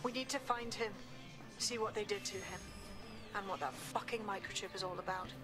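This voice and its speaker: An actress voicing a determined resistance leader in a video game, speaking firmly and urgently. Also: female voice, medium pitch, moderate pace, over music, lightly acted. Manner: urgent, firm, swears.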